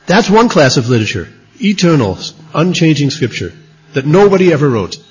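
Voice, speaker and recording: A man with a husky, slightly high voice gives an emphatic scripture lecture, his pitch rising and falling a lot as he hammers home his points. The recording is dull and lo-fi. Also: sing-song, fairly quick, faint music behind. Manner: emphatic, repeats key points. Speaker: religious teacher.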